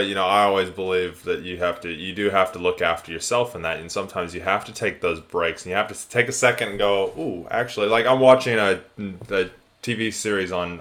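A man hosting a casual podcast conversation, speaking with animated enthusiasm and acting out the dialogue he quotes. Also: fairly low pitch. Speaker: podcast host.

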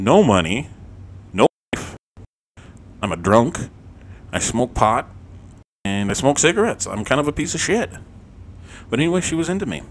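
A man's voice: fairly low pitch, slight background noise. A man hosting a podcast, telling a personal story in a rambling, profane, self-deprecating way, with lots of "um"s. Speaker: podcast host. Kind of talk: casual storytelling monologue.

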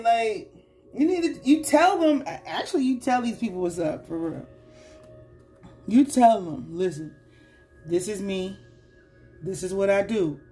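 A woman talks straight to her viewers in a loose, chatty tarot reading, full of slang and "you know what I mean?". She teases and scolds the listener and breaks into sudden loud exclamations. Her voice sits at an ordinary middle pitch. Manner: chatty, slangy and playful, often asks "you know what I'm saying?". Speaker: tarot reader.

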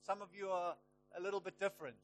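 A man preaching a sermon in church, telling a story and rising to loud, emphatic peaks. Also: high-pitched, steady tone, fast talker, soft background music, low-quality recording.

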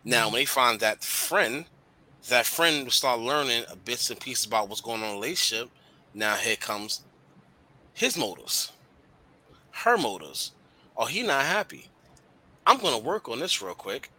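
A young man hosts a casual podcast and speaks bluntly about relationships. His voice is very bright, and his talk is loose, slangy and full of swearing. He gets animated as he makes his points. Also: medium pitch, measured pace, pauses often. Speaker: podcast host.

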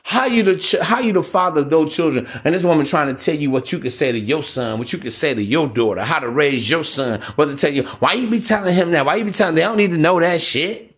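A man's voice: on the high side, fast, hardly any pauses. A man hosting a solo podcast, ranting in a blunt, preachy, profane way. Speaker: podcast host.

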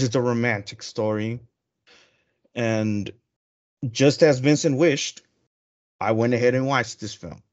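A man's voice: mid-range voice, a little mellow. Male, 30s, podcast co-host, casual and jokey, dull lo-fi recording. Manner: chatty, laughs easily, drops in Spanish slang. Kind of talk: casual chat.

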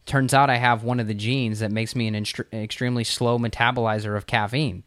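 A man's voice: mid-range voice, level tone, a little fast, fairly bright tone, no echo, clean studio sound. A man co-hosting a health podcast, chatting casually and sharing personal anecdotes. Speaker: podcast co-host.

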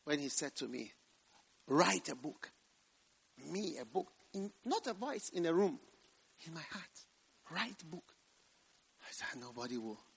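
Male pastor, high lively pitch, bright ringing tone, revival sermon, loud then hushed. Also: creaky, husky. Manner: swings from loud preaching to hushed, slow quotes. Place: church revival service.

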